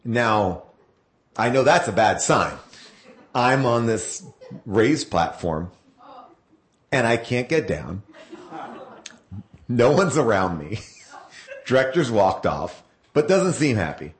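A man tells a story as a guest, his pitch swinging widely as he goes. He rambles and corrects himself often, piling up fillers, and the room adds a clear echo to his voice. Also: big pitch swings, slow pace, pauses often. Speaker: actor telling a story as a guest. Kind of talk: animated anecdote telling.

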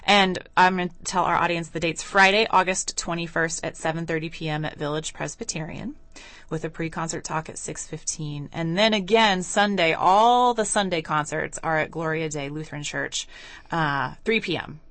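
A woman hosting a radio interview in a studio, enthusiastic and quick to laugh. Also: sits low, a bit bright, dry recording. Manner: bubbly, enthusiastic, laughs easily. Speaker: radio host. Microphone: studio microphone.

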